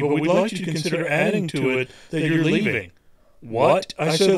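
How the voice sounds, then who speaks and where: A man hosting a podcast, reading a letter aloud with his own comments, halting and full of fillers. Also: fairly high pitch, distant mic. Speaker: podcast host.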